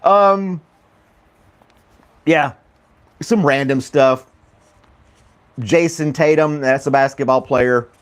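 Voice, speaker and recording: A man's voice: mid-range voice, fairly even intonation, takes it slowly, pauses often. Rambling American man hosting a morning chat. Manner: rambling, laughs often, many fillers. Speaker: morning talk show host. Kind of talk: casual chat with live chat viewers.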